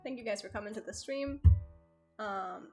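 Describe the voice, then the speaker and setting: A woman streamer reading a dating game aloud and reacting with animated, sweary frustration. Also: mid-range voice, moderate pace, over music.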